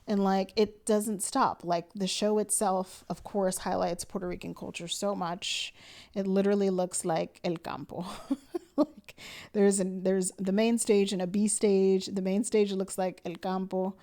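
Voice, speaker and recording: A young woman chatting to camera for her planner vlog, excited and slangy but sleepy, yawning now and then. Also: medium pitch, unhurried. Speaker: planner vlogger. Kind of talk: casual chat to camera.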